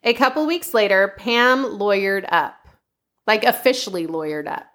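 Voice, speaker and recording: A woman's voice: mid-range voice, normal speed, fairly bright tone. A woman host telling a true-crime story in a casual, chatty way, often laughing and saying "like". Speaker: podcast host.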